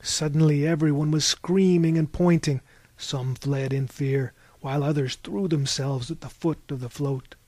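A man narrating a novel as an audiobook, with measured, expressive storytelling. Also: a little high, no room sound.

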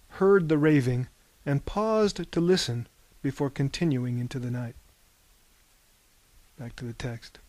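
Male narrator, slow deliberate delivery, slightly high voice, deadpan read of a comic tale. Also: no room sound. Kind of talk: scripted narration.

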